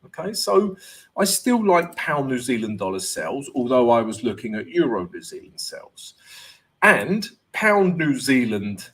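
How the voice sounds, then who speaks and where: A man's voice: medium pitch, very animated, unhurried, a bit bright. A man hosting a live trading Q&A stream, chatty and joking, greeting viewers by name and dropping "right?" and "um" as he goes. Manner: fillers like "right?" and "um". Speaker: forex trading host.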